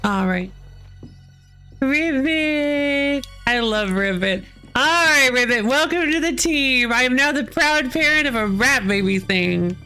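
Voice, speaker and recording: A woman streaming a game with excitable, giggly commentary that breaks into panicky shrieks. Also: fairly high pitch, normal speed, hardly any pauses, soft background music. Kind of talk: live gameplay commentary.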